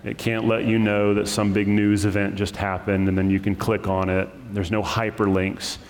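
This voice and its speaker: This sermon comes from a man whose voice sits a bit low; he is emotional to the point of choking up. His delivery is relaxed and conversational, with side remarks and fast corrections of himself, and the long reverb suggests a church sanctuary.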